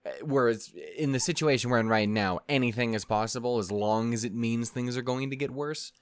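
A young man hosting a reaction video, talking in a playful, rambling way that swings from mock-stern mutters to loud bursts. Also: medium pitch, brisk, no room sound, clean studio sound. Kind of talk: casual solo chat before a reaction.

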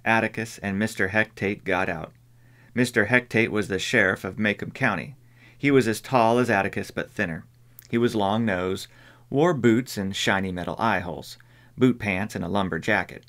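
A man reading an audiobook in measured scripted narration. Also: fairly low pitch. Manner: measured, even storytelling.

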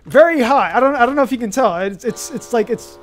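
A man's voice: extremely high pitch, lively intonation, fairly quick. A man playing a video game and talking to himself as he goes, rambling with lots of fillers, restarts and mild swearing, hot and sweating in a costume in his bedroom. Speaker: gaming YouTuber. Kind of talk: casual let's-play commentary.

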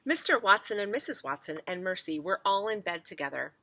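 A woman's voice: medium pitch, sing-song, a little fast, sharp tone, no echo. A woman teacher reading a children's book aloud to her class, with chatty asides to the children.

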